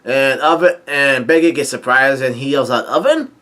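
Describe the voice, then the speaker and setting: A man's voice: mid-range voice, moderate pace, sharp tone. A man casually reading through a manga chapter, hesitant and full of fillers and restarts. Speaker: manga reader and commentator.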